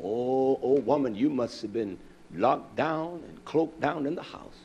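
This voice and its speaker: A man preaching a fiery sermon, booming at times and dropping to low asides to his congregation, with blunt curses and Hebrew terms mixed in. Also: animated, measured pace, lo-fi sound, a little hiss or hum. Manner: fiery, swings between loud declaiming and low asides to the congregation.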